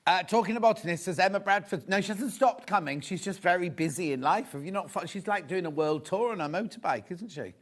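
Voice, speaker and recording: A man's voice: high voice, a little fast, few pauses. A man presenting fabrics on a live shopping channel in a TV studio, chatty and rambling, with gossipy asides. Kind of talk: live TV selling chat.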